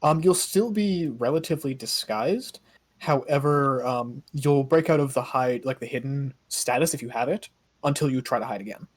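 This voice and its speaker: Man, game master, brisk rule-reading, husky, voice wearing out. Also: medium pitch. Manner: brisk, reads rules aloud. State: voice giving out. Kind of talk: running a tabletop game.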